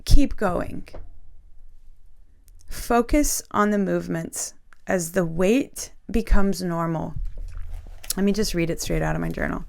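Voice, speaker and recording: A woman's voice: mid-range voice, normal speed, creaky, darkish tone. A woman hosting a faith video, talking earnestly and emotionally straight to her viewers, often checking in with them. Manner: earnest, emotional, addresses viewers directly with frequent "okay?". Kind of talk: casual spiritual talk to camera.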